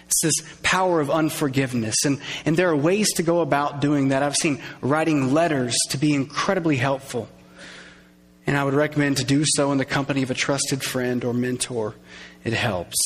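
A man preaching a sermon, conversational and lively, acting out little quoted voices and drawing in his congregation. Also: mid-range voice, normal speed. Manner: conversational, acts out quoted voices, engages audience. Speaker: pastor. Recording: long reverb of a large hall.

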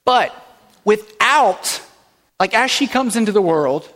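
A man's voice: high voice, expressive, takes it slowly, a bit bright. A man pastor giving a sermon in a church, preaching in a playful, conversational way with light asides. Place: church sanctuary. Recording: long reverb in a large hall.

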